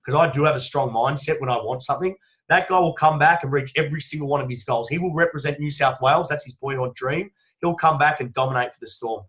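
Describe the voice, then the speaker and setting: A man's voice: fairly high pitch, a bit bright. An Australian man, a strength coach, talking in a casual podcast interview, swearing freely and telling long emphatic stories. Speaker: strength and conditioning coach, guest.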